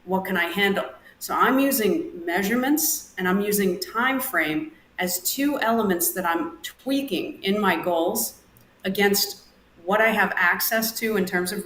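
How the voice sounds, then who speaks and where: A woman performance coach lays out her ideas in a measured, deliberate voice. The recording has a roomy echo with faint background ambience. She speaks at a middle pitch, explaining step by step. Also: fairly bright tone, slight background noise. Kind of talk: interview answers, coaching advice.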